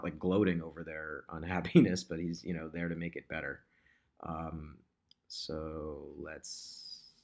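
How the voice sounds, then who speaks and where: Male tutor, low and gravelly, casual, thinks out loud while designing. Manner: thinks aloud, chatty, talks to objects on screen. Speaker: digital marketer demonstrating ad design. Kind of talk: casual screen-recording tutorial.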